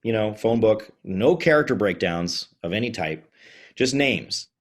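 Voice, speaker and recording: A man's voice: fairly low pitch, expressive, a little slow. A man from Texas, a voice actor guest, telling stories in a chatty podcast interview over a video call. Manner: chatty storyteller, slips into character voices.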